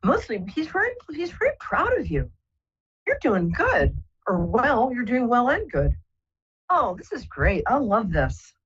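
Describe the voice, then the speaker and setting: A woman's voice: on the high side, wildly swooping pitch, unhurried, breathy edge, lo-fi sound. A woman hosting a live psychic call-in show, talking soothingly and rambling with many fillers. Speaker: psychic radio host.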